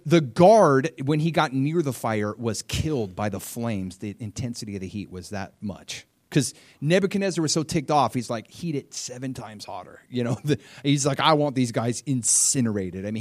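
A man preaching a sermon, telling a story with lively swings between loud, high bursts and quiet, low asides, and acting out the quotes. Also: no room sound, clean studio sound. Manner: animated storytelling, acting out quotes with big swings in pitch and loudness. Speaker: pastor.

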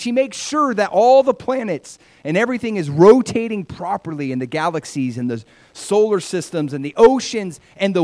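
Guy preaching a sermon, casual and chatty, voice jumps all over, goes big then real quiet. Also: sits high. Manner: animated, conversational preaching that swings between loud and hushed. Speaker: pastor.

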